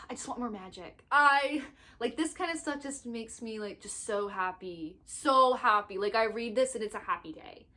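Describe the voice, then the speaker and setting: A young woman rambling excitedly in a casual book review vlog, recorded on her phone. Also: a little high. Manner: excitable, gushing, talks in quick bursts with restarts. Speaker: book vlogger. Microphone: phone microphone.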